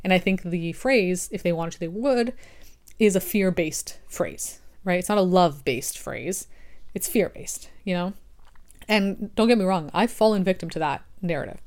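Woman thinking aloud, low-pitched. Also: moderate pace, darkish tone. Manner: rambling, restarts and fillers, talks through thoughts aloud. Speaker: online content creator. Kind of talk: casual reflective monologue.

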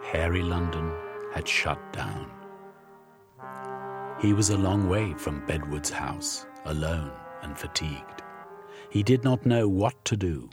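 A man reading a novel aloud as an audiobook narrator, in measured, expressive storytelling. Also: low-pitched, music in the background. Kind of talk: scripted narration.

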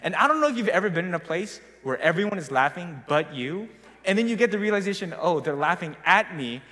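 Raised-voice storyteller preaching in a reverberant hall. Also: male voice, sits high, fast talker. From South Korea. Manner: animated storytelling, casual and self-mocking. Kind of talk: sermon. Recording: long reverb of a large hall.

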